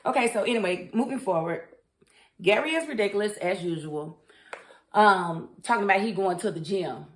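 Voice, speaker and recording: Talking through a TV drama, this young woman reviewer keeps things casual and full of opinions, even speaking straight to the characters themselves. Her voice sits in the mid range, and her pace is moderate.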